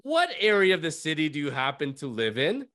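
A man hosting a podcast, telling a story in a lively way and acting out the people in it. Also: on the high side, a little fast. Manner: animated, acts out voices in his stories. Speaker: podcast host. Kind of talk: storytelling chat.

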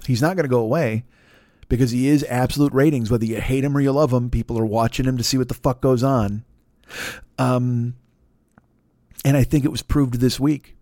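A man hosting a podcast, ranting in a loud, profane, mocking way and acting out other people's voices. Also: medium pitch, no echo, clean studio sound. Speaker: podcast host. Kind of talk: profane political rant.

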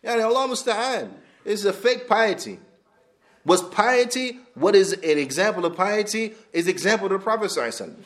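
A man teaching a class on hadith, talking bluntly and casually with lively asides, dropping Arabic terms into his English. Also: high-pitched, a little fast. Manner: animated, blunt street-style talk, laughs, mixes in Arabic terms. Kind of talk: lecture on hadith.

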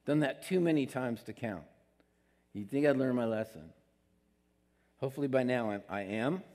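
A man's voice: medium pitch, moderate pace, a little mellow. A man preaching a sermon in an earnest, conversational way, with emphatic rises on his key points. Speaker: pastor. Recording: long hall reverb.

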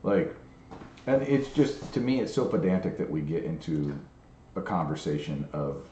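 A man's voice: a bass voice, sing-song, normal speed, warm tone. A man co-hosting a podcast, chatting casually with wry quips and frequent agreeing interjections. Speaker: podcast co-host. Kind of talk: casual chat. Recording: echoey room, dull lo-fi sound, faint noise.

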